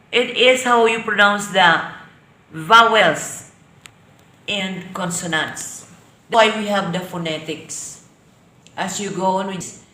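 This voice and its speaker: A woman with a Filipino accent teaching an online English class, defining terms slowly and then explaining them. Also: medium pitch, bright, forceful tone, roomy sound. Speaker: lecturer.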